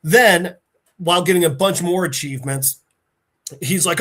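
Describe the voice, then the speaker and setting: A man hosting a podcast, recapping a story in a casual, animated and profane way. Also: fairly high pitch, measured pace. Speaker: podcast host.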